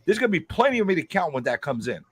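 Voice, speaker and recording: A man hosting a casual livestream chat, greeting viewers in a quick, excitable, profane way. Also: a little high, husky, no room sound. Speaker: host.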